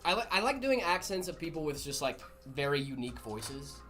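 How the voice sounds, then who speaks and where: A man's voice: a little high, sing-song, a little fast, over music. A man hosting a PC-building livestream, chatting playfully with viewers and using many fillers. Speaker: streamer hosting a PC-building stream. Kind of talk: casual livestream chat reading viewer messages. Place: indoor studio room.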